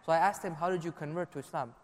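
A man's voice: on the high side, rapid-fire. Man telling a story in an echoing hall. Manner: conversational, animated retelling. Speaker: panel guest. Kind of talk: personal storytelling. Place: conference hall. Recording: long reverb of a conference hall.

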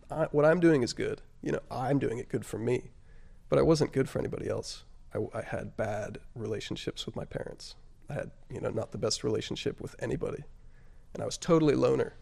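Guy with a gravelly fry in his voice, mid pitch, casual and halting, lots of likes and you knows. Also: a little mellow. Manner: halting and reflective, frequent "like" and "you know" fillers. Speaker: interview guest. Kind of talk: casual personal storytelling.

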